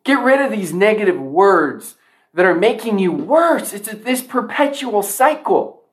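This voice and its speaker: A man's voice: sits high, very animated, unhurried. A man giving a motivational speech to a sales audience, emphatic, often repeating key lines for effect. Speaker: motivational speaker.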